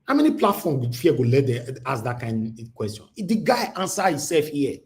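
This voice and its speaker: A man's voice: mid-range voice, sing-song, normal speed. A man with a Nigerian accent hosting a livestream, talking with passion and switching into Pidgin. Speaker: livestream host. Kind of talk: livestream commentary.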